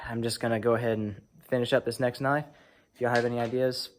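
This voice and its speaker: A man's voice: mid-range voice, fairly even intonation, fast, a little mellow. A young man, talking offhand through a casual workshop vlog about his craft, with hesitant fillers. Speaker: knife-making YouTuber.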